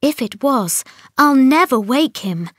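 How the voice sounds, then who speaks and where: A woman doing a brave young storybook heroine, eager and earnest, her voice lifting high and swinging freely. She speaks in a dry, close recording. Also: lively intonation, husky, no echo, heavily acted. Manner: quick, bright and earnest.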